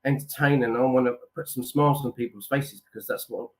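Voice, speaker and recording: A male impressionist appears as a guest on a chat show, chatting casually and rambling, calling people "mate" and slipping into impressions. His mid-range voice is steady, fairly quick and a bit dark in tone.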